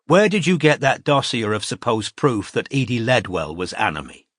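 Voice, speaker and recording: A man voicing a businesslike male detective who questions calmly and without sympathy. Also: mid-range voice, normal speed, dry recording, studio quality. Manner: calm, unsmiling, remorseless.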